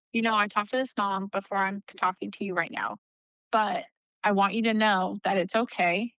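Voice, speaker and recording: A woman in her thirties with a bright, sharp voice that comes through smooth and crisp. She's a podcast guest telling stories in a chatty way, full of "like", laughing between lines. The sound is dry and close. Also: medium pitch, no room sound, low-quality recording. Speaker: nonprofit CEO, podcast guest. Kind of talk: casual interview storytelling.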